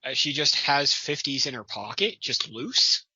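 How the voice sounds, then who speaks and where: A man's voice: medium pitch, animated, a little slow, bright, forceful tone, slightly rough, no echo, lo-fi sound. A man co-hosting a comedy reading show, making wry, stammering remarks and mild exclamations. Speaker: podcast co-host. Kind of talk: comedic commentary.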